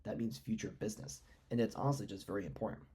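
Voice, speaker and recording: A man's voice: fairly low pitch, steady tone, fast, a little mellow, breathy edge. A man giving casual, rambling stock commentary, musing aloud with lots of fillers. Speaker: finance commentator.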